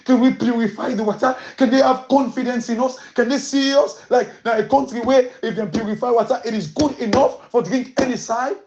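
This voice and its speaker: A woman's voice: on the high side, steady tone, a little fast, few pauses, darkish tone, lo-fi sound. A woman from Sierra Leone with a Krio accent, giving emphatic political commentary full of rhetorical questions and switching between Krio and English.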